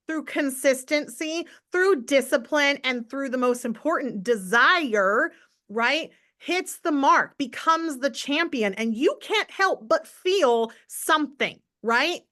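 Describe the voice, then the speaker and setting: A woman's voice: a little high, a bit bright. A woman leading a live motivational morning call for her team, upbeat and enthusiastic, chatting to viewers and repeating key points for emphasis. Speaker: network marketing team leader.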